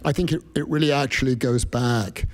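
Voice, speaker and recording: A man from the United Kingdom giving a public lecture, measured and reflective, posing questions to himself. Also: mid-range voice. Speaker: guest speaker. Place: event hall with an audience.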